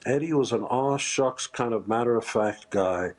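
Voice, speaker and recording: An older man giving an emotional tribute in an interview, speaking haltingly with many pauses and getting choked up. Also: medium pitch. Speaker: interviewed musician.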